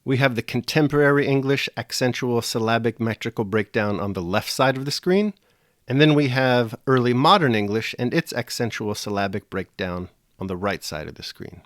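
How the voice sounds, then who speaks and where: A male instructor explains poetry with measured, dryly witty phrasing. His pitch moves up and down a lot as he lectures. The sound is close and dry, with no room around it. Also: expressive, no room sound. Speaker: teacher. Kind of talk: scripted video lecture.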